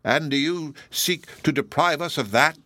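A man reading aloud, voicing a bitter, incredulous old gentlewoman in a raised, slowed, emphatic voice. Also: medium pitch, lively intonation, dry recording.

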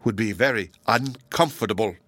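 A man voicing a rich, hot-tempered innkeeper who shouts and flusters. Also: lowish voice, normal speed, no room sound. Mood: flustered.

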